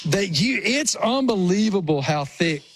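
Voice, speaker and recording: A man from rural Appalachia with a thick Appalachian accent, co-hosting a radio show with animated, self-mocking storytelling. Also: sits high, measured pace. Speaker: co-host. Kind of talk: casual radio show banter.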